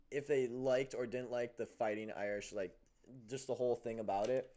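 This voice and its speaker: A man co-hosting a sports show, talking bluntly and with profanity in casual chat. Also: mid-range voice. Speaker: sports podcast co-host.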